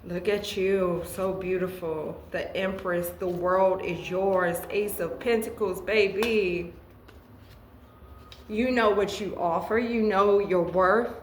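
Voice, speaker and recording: In a rough recording with an echoey room and a little hiss or hum, a woman reads tarot and talks about her own life. Her medium-pitched voice stays steady and slow, and she often restarts sentences, sounding earnest and emotional.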